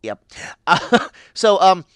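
A man voicing an ancient, cheerfully unhinged pixie in a fan animation, rambling with sudden high squeals. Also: big pitch swings, very slow, a bit bright, clear, resonant tone, no echo, full character voice. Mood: giddy rambling. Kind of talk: character monologue for fan animation.

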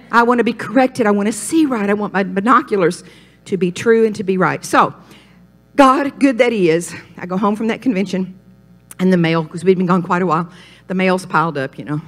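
An older woman preaching a sermon at a women's retreat, animated and folksy, jumping up in pitch for emphasis. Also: brisk. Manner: animated, folksy storytelling with sudden rises in pitch.

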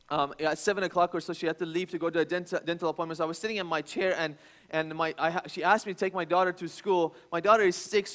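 A man in his thirties, a pastor preaching a sermon, telling stories with many restarts and rising to loud, emphatic bursts. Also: high-pitched.

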